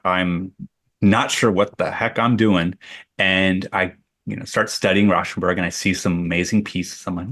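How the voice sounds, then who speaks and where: Low-voiced man telling a rambling story. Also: steady tone, normal speed, fairly bright tone. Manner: rambling, with many restarts and fillers. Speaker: guest artist. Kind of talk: conversational storytelling.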